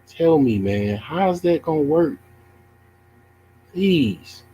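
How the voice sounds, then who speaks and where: A man who streams chess and mocks a viewer, asking drawn-out questions in a teasing way. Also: mid-range voice, lively intonation, warm tone, muffled recording, a little hiss or hum. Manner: mocking, taunting, drawn-out questions. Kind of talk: casual livestream chat.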